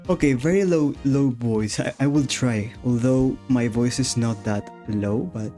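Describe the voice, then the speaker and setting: A man's voice: medium pitch, measured pace, dark tone, faint music behind. Chatty man streaming a game, laughing often. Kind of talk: casual game stream chat.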